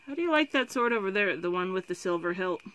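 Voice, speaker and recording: A woman's voice: medium pitch, animated, fast, a bit bright, natural voice. A woman reading aloud, voicing a polite but dim young prince who talks in a muddled, hesitant way.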